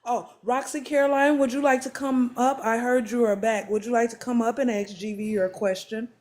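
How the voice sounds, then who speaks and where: A woman co-hosting and moderating a live stream, announcing goals in a drawn-out, casual way. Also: on the high side, steady tone, darkish tone.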